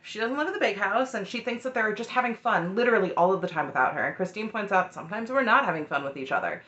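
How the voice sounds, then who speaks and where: A woman's voice: medium pitch, expressive, fast, a bit bright, roomy sound, muffled recording. Heated, chatty woman recapping a show. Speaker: recap host.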